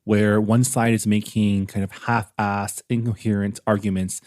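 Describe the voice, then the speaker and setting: A man's voice: on the low side, little pitch movement, normal speed, darkish tone, dry recording, clean studio sound. A man co-hosting a podcast, analyzing a novel in casual chat, often checking in with "right?". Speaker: podcast co-host. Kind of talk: casual book club chat.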